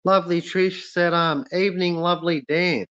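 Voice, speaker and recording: A man's voice: sits high, fairly even intonation, fairly bright tone, clear, resonant tone. Australian man chatting on a dull lo-fi stream. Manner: halting, many fillers and restarts. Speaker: livestream host reading chat. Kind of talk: casual live-stream chat. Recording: lo-fi dull sound.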